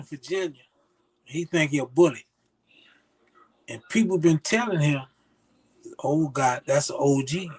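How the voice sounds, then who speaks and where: An older man telling stories as an interview guest, acting out the voices of the people he quotes. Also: a little high. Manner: animated, acts out quoted voices. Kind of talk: storytelling in casual conversation.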